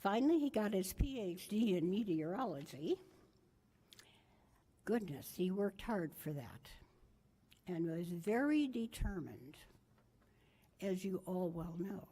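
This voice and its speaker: A woman's voice: fairly low pitch, big pitch swings, takes it slowly, pauses often, dark tone, slightly rough. An older woman giving a memorial tribute, telling family stories in a rambling, anecdotal way and correcting herself as she goes. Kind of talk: memorial storytelling speech.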